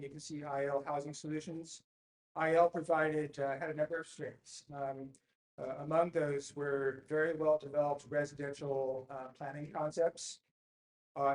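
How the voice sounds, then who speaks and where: A man giving a presentation at a city council meeting, speaking in a measured way with frequent fillers and restarts. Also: on the high side, darkish tone. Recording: echoey council chamber.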